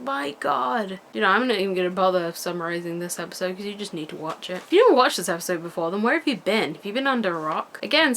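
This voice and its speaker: A woman's voice: mid-range voice, a bit bright, slight background noise. A young woman vlogging to her camera at home, rambling about things she loves in a gushing, enthusiastic way. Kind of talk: casual rambling vlog chat. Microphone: camera mic.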